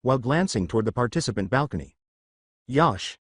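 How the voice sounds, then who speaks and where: A man narrating a fan fiction story aloud in a steady reading manner. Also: medium pitch, fairly quick, no room sound, studio quality.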